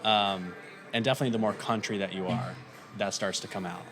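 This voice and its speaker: A man in his thirties with a faint Minnesota accent talks fairly quickly in a low voice over music. As a podcast guest in a casual interview chat, he's relaxed and rambling, filling his speech with lots of ums.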